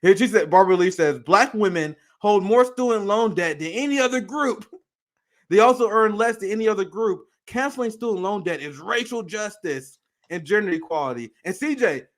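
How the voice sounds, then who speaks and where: High-pitched, blunt, profane man. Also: animated, normal speed. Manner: blunt, profane, laughs often, stammers and restarts. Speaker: political podcast co-host. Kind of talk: casual political talk.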